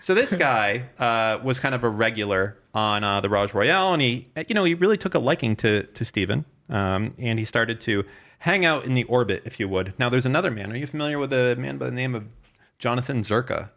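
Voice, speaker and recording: A man with a mid-range, fairly bright voice speaks briskly and with lively intonation. Co-hosting a podcast in casual chat, he tells a long story full of fillers, restarts and swearing.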